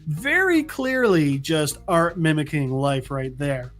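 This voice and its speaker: A man's voice: on the high side, lively intonation, slow pace, fairly bright tone, soft background music. A man hosting a casual comic book recap, rambling with many restarts. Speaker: host.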